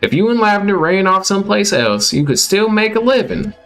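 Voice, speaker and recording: A man's voice: high voice, very animated, a little fast, a bit bright, voice pushed up, heavily acted. A man voicing a scheming, impatient young country man in a put-on Southern US drawl, pushy and wheedling.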